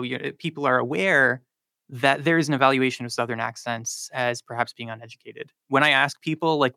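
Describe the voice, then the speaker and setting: A man's voice: medium pitch, bright, forceful tone, no echo. A man, a linguistics professor, explaining his research on a radio interview with frequent ums and likes.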